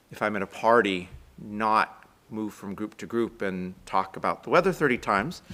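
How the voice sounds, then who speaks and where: A man with an American accent delivering a chatty, self-deprecating sermon at a synagogue service, talking quickly. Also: on the low side, fairly bright tone. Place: synagogue sanctuary, live stream.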